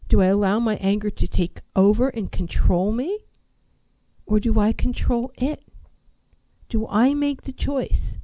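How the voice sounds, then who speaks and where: A woman counselor speaks in a mellow, warm voice, recorded dry and close. She talks with emphasis, stacking rhetorical questions and repeating her key phrases to drive them home. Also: medium pitch, steady tone, unhurried, dry recording, rough recording. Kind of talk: motivational talk on mental health.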